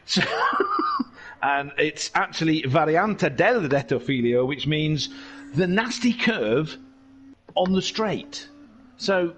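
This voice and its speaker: A man's voice: on the high side, slow, pauses often. A man giving jokey, rambling live commentary on a sim race. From England. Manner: excitable, jokey, tangent-prone.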